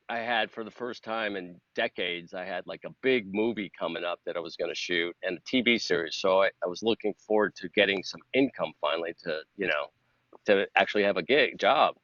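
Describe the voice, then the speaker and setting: Middle-aged male guest, slightly low voice, animated storyteller who acts out dialogue, dull dry audio. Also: moderate pace, no room sound. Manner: earnest, gets emotional. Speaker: podcast guest, cinematographer. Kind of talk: casual storytelling.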